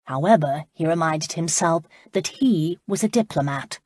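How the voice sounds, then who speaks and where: A woman narrating an audiobook in a steady, even storytelling manner. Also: low voice, normal speed, slight background noise. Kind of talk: scripted narration.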